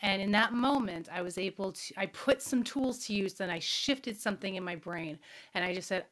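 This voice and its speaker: Hosting a spirituality show, a middle-aged woman tells a frank personal story, cursing casually and posing questions to listeners. She speaks fairly quickly in a mid-range voice that sounds pushed and bright.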